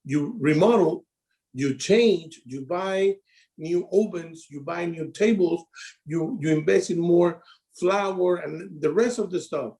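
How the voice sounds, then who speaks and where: A middle-aged man speaks English with a Latino accent, telling his story with animated, broken phrasing. His voice sits a bit high for a man, with a gravelly edge and a mellow, dark tone. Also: slow pace. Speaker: insurance advisor. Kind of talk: casual call talk.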